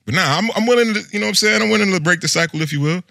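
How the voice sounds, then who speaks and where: A man co-hosting a casual chat, laid-back and animated, full of slang. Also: high voice, racing, gravelly, no echo, studio quality. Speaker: co-host.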